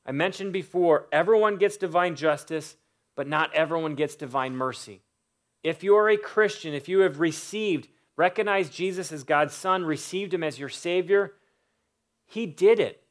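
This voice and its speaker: A man's voice: on the high side, normal speed. A man preaching a sermon, building emphatic lists and stressing key words. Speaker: pastor.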